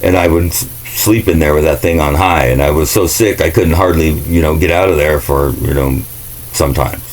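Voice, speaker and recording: A man's voice: a bass voice, moderate pace, rough recording. A man ranting in a casual, profane and sarcastic monologue vlog. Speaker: vlogger.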